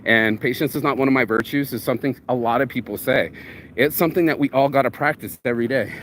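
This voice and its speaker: A man's voice: medium pitch, fast talker, a bit bright, slight background noise. Rambling, cursing man musing aloud. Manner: rambling, profane, self-reflective. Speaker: vlogger. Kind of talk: casual reflective monologue.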